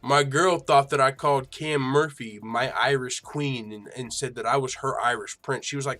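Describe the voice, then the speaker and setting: A man's voice: medium pitch, normal speed, sharp tone. Tipsy, foul-mouthed male stream host. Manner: profane, boastful, rambling. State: a little tipsy. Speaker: livestream host reacting to fights. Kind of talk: casual live-stream fight commentary.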